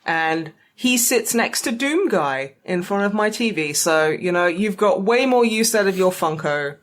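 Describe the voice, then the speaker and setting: A woman's voice: mid-range voice, expressive. Playful Australian woman joking around. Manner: playful, teasing, quick to joke. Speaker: podcast guest, YouTuber. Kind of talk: casual chat.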